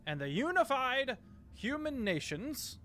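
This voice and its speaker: A man voicing a male human ambassador who proclaims in a loud, booming, formal voice. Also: sing-song, unhurried, slight background noise, full character voice. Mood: proclaiming.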